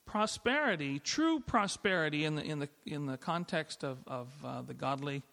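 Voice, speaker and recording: A middle-aged man preaching in a church sanctuary, his slightly high voice ringing with a long hall reverb. He talks in an easygoing, conversational way, restarting phrases and laughing lightly as he goes. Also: animated, normal speed, creaky, sharp tone. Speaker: pastor. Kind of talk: sermon.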